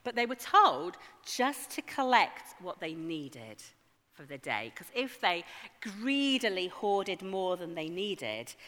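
A woman's voice: fairly low pitch, pushed and bright. A woman giving a sermon, conversational with wry asides to her congregation. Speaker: preacher. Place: church. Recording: long hall reverb.

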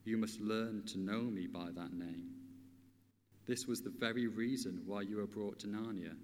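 A man voicing a gentle, majestic male lion who speaks slowly and lovingly. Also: fairly low pitch. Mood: tender. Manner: slow, gentle and solemn. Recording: long hall reverb.

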